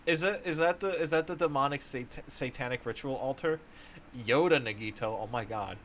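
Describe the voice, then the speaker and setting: A man's voice: medium pitch, moderate pace, fairly bright tone, a little hiss or hum. A man live-streaming a game, chatting casually, reading out viewer messages, often laughing and exclaiming. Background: game music.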